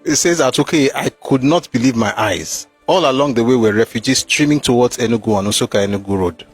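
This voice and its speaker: Husky man reading and commenting. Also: medium pitch, brisk, soft background music. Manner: mocking, emphatic asides between readings. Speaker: commentator reading from a war memoir.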